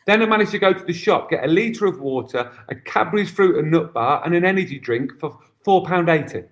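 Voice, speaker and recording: A man's voice: a little high, expressive, fairly quick. A man, a guest football coach, talking in casual chat with a few stammered restarts.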